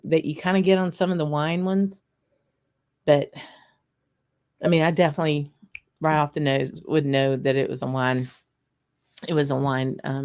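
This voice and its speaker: Woman, low voice, chatty livestream host, rambling, laughs often. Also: darkish tone. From Louisiana, USA. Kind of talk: casual live tasting chat.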